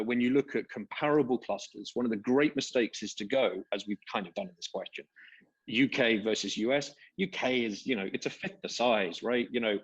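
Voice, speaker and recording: A man's voice: lowish voice, breathy edge, lo-fi sound. A man speaking as a panelist, explaining at length with many fillers and tag questions. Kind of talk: panel discussion talk.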